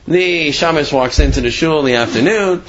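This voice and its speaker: A man's voice: fairly high pitch, moderate pace. Rambling male storyteller on a dull recording. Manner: rambling, full of "you know" and restarts. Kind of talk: casual religious storytelling.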